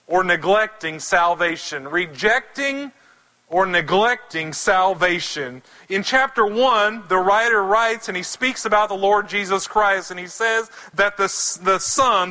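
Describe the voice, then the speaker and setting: Southern male preacher, high bright voice, sermon delivery, deliberate on scripture. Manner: slows to stress scripture quotes. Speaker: pastor.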